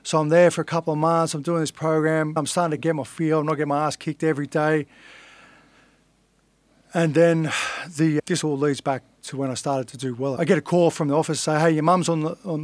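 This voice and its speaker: A man with a fairly high voice tells his story in an earnest, blunt and candid way, swearing now and then. His voice sounds close and dry, with no room sound. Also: steady tone, fairly quick, dry recording. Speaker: guest, fighter. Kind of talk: casual storytelling interview.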